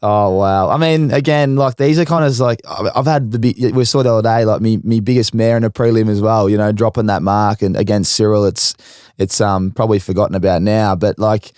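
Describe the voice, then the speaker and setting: A man's voice: lowish voice, fairly even intonation, brisk, darkish tone, clean tone, no room sound. Australian man hosting, dry sound. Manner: chatty, leading questions. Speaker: podcast host, former footballer. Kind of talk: casual interview.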